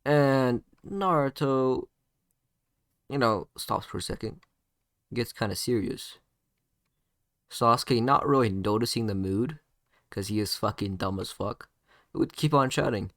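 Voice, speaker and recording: A man's voice: medium pitch, unhurried, pauses often, a bit bright, dry recording, studio quality. A man casually narrating an improvised fan story, rambling with many fillers and self-corrections.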